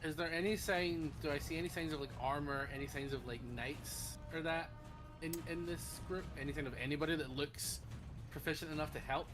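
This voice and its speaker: Higher-voiced guy playing a tabletop game, swears casually, music going in the background. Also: fairly even intonation, fairly quick. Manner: blunt and profane, swearing casually. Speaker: player.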